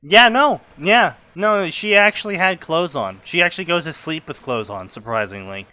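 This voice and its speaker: A man's voice: on the high side, animated, moderate pace, bright, forceful tone. Rambling young man reading fanfic aloud. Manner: laughing, rambling, swears freely. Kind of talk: casual stream commentary and reading aloud.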